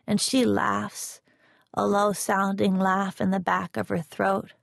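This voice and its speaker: A woman narrating a first-person novel as an audiobook, in a measured, unhurried reading. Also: mid-range voice, little pitch movement, gravelly, dry recording, studio quality.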